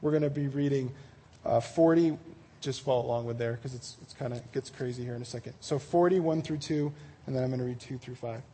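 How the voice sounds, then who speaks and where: Husky-voiced man giving a casual sermon. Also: medium pitch, a little fast, warm tone. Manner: casual and conversational, retells stories in slangy acted-out voices. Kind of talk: casual sermon with scripture reading.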